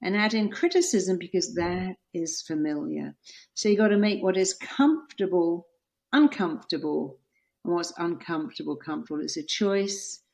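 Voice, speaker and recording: British woman, therapist on a podcast, low-ish voice, earnest and emphatic. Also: lively intonation, moderate pace, creaky, a little mellow, rough recording. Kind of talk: conversational advice.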